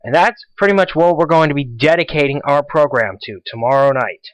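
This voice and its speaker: On a dry, rough recording, a teenage boy chats briskly in a fairly high male voice. He's hosting a casual school radio show alone, rambling and repeating himself.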